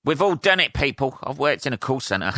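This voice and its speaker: A man's voice: mid-range voice, big pitch swings, fairly quick, pushed and bright, no echo, studio quality. A British man hosting a solo podcast in a casual, rambling chat full of fillers and swearing. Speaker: podcast host.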